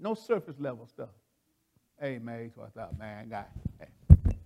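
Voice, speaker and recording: A man preaching in a folksy, excitable way, often laughing and repeating phrases as he teaches. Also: mid-range voice, normal speed, gravelly. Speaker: preacher leading a Bible study. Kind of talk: animated sermon teaching.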